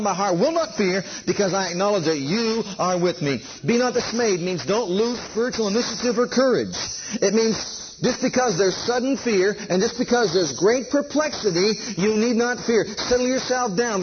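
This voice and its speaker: High-voiced man preaching on lo-fi tape. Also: noisy background. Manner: emphatic, repeats key phrases, leads the audience in saying lines. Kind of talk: sermon.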